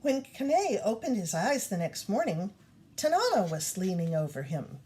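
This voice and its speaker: In a mid-range voice at normal speed, a woman reader brings a children's storybook to life with expressive storytelling.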